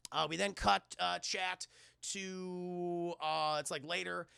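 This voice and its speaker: A man streaming a casual film recap, animated and profane, often addressing his chat. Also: high-pitched, slow, vocal fry, smooth, no room sound, studio quality.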